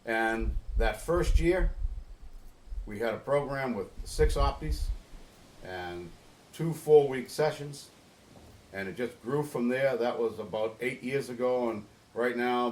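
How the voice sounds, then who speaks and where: An unhurried, darkish mid-range voice belongs to a middle-aged New England man appearing as an interview guest. A boatyard volunteer organizer, he tells a long story with earnest feeling and keeps restarting his sentences.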